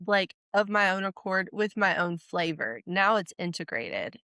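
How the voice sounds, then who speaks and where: A young woman co-hosts a podcast in an easygoing chat. She giggles between thoughts and drops swear words freely. Her voice sits at a medium pitch on a dry, close microphone. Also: lively intonation, unhurried, pushed and bright, dry recording. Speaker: podcast co-host.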